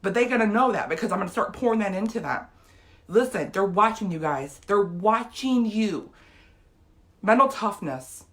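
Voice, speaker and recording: A woman's voice: medium pitch, animated, moderate pace, a bit bright. A woman, giving an emotional, earnest motivational talk straight to her viewers. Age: 50s. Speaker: motivational vlogger.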